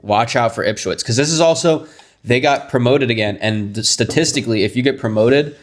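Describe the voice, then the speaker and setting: A man of middle pitch who talks eagerly and at length, often hedging what he says. He sounds like a podcast co-host in relaxed chat. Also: brisk. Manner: enthusiastic, chatty, hedging. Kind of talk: casual chat.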